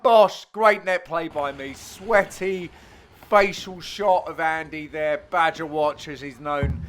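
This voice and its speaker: A young man, the host, giving cheeky, self-mocking voice-over commentary on highlights of his own amateur match. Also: fairly bright tone. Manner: cheeky, self-mocking banter with frequent laughs.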